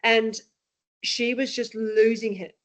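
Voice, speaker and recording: A woman's voice: fairly high pitch, steady tone, slow pace. A woman, an interview guest and parent, speaking candidly and emotionally with frequent restarts. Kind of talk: personal storytelling interview.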